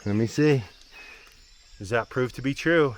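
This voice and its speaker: An easygoing man of middle pitch narrates his travel vlog out loud as he hikes a mountain trail, chatty and eager about what he passes. Crickets and insects hum faintly behind him in the open air. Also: unhurried. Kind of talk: casual walking narration to camera.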